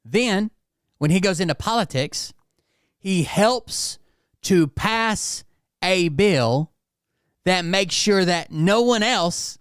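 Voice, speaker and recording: A man's voice: sits high, animated, slow, long pauses, a bit bright, smooth, no echo, clean studio sound. Blunt, profane man reacting to clips. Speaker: channel host reacting to clips. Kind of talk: casual reaction commentary.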